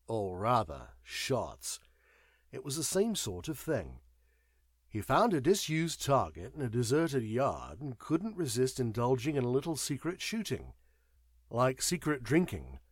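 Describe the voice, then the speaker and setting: A man narrating a story in an expressive storytelling manner. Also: mid-range voice, breathy edge, no echo, studio quality. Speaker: audiobook narrator. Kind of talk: scripted narration.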